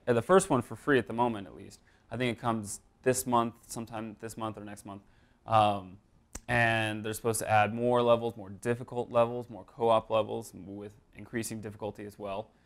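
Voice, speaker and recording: Male co-host, lower register, casual enthusiastic rambler who self-corrects a lot. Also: steady tone, normal speed. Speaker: podcast co-host. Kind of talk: casual review chat.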